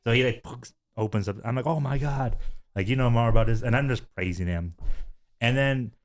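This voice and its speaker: A man's voice: mid-range voice, fairly quick. A man co-hosting a podcast, telling stories in casual chat and acting out the voices of the people in them. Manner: animated storyteller who acts out voices. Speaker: podcast co-host.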